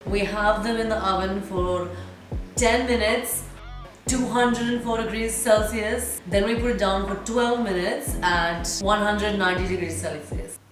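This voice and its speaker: A chatty, playful woman walks through a home recipe, now and then half-singing her words. Her voice rings around a very echoey home kitchen. Clear music plays behind her. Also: medium pitch. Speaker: home cook presenting a recipe. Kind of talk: casual cooking vlog chat.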